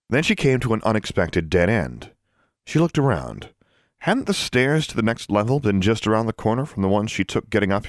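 Male narrator, low voice, dry close sound, measured audiobook reading. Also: no echo.

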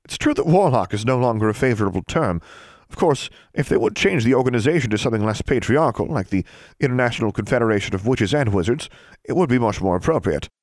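A man's voice: mid-range voice, expressive, fast, no echo, studio quality, voice pushed up, close to an everyday voice. A man voicing a prim, weary woman teacher who lectures patiently. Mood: lecturing.

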